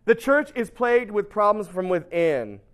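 High-voiced, chatty middle-aged pastor. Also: male voice, moderate pace. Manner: chatty and animated, keeps asking "right?". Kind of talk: casual sermon.

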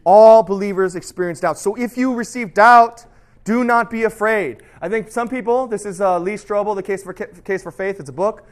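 High-voiced animated man preaching. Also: moderate pace. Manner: animated, lively storytelling with sudden drops to soft tones. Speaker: pastor. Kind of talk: sermon.

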